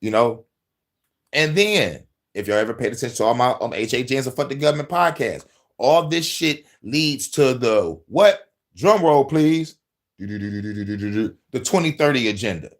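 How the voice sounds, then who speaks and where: A man hosts his own podcast, pitch swinging widely as he rants. He swears freely and breaks into laughter between points. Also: normal speed. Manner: animated, profane, laughs often. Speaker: podcast host. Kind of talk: profane conspiracy commentary.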